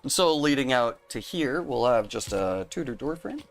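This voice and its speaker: A man's voice: mid-range voice, big pitch swings, normal speed, gravelly. A young man live-streaming a game, chatting casually with his viewers and laughing often. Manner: chatty, rambling, laughs often, talks to chat by name. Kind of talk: casual live-stream chat while playing.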